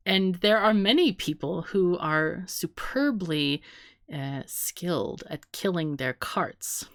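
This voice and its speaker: A woman co-hosting a chatty podcast, with a slightly low voice that rises and falls freely. She laughs often and wanders through playful guesses at unfamiliar words. The sound is dry and close. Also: animated, slow pace, dry recording. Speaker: podcast co-host. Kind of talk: casual podcast chat.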